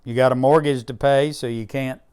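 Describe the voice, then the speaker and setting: A man's voice: medium pitch, steady tone, a little fast, darkish tone, smooth. A middle-aged man telling heartfelt stories about disaster relief in an interview. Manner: earnest, emotional storyteller with Southern grammar. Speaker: disaster relief charity leader. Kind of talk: interview storytelling.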